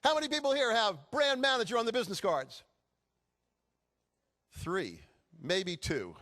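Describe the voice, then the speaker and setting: A man's voice: high voice, a little slow. A middle-aged man giving a motivational speech to a live audience, telling stories with jokes. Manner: animated storytelling with jokes. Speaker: keynote speaker.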